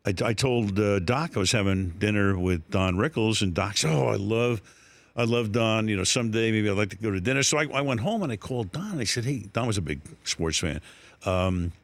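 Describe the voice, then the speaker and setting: A man's voice: on the low side, lively intonation, fairly quick, no room sound. An older man, a sports broadcaster being interviewed, telling anecdotes with laughter and rising quoted voices on a studio mic. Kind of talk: storytelling interview.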